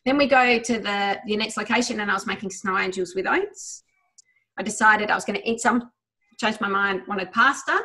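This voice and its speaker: A woman teaching a memory exercise over a video call, guiding listeners through a visualization in a quick, enthusiastic, chatty way. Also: medium pitch, bright, forceful tone. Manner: quick, enthusiastic talker who tries to slow down; chatty, with many fillers. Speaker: memory trainer. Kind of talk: guided visualization lesson.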